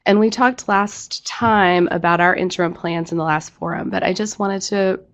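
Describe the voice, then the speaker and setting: A woman executive director with a hoarse, croaky voice from losing it, giving a businesslike staff update with fillers. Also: fairly low pitch, steady tone, normal speed. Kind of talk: online presentation.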